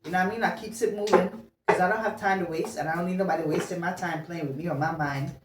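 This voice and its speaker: A woman's voice: on the low side, fairly even intonation, fast talker. A woman giving a casual love reading as a tarot reader, chatty and blunt, slangy, swearing and laughing as she talks. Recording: roomy sound, distant mic, faint noise.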